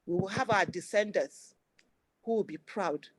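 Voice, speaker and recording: A woman's voice: mid-range voice, measured pace, a little hiss or hum. A Nigerian woman in her forties with a Nigerian accent, giving an impassioned speech at a fundraiser in fervent, repetitive bursts. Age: 40s. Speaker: speaker at a campaign fundraiser.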